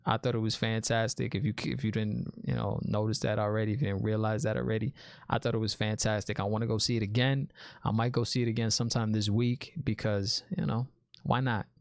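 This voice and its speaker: A man's voice: medium pitch, steady tone, a little fast, a little mellow, smooth, no echo. A man in an easygoing spoiler review with a mid-range voice. He talks with loose enthusiasm, repeating himself and restarting as his thoughts catch up. The recording is dry and close. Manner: chatty and enthusiastic, often calls the listener "man". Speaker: movie reviewer.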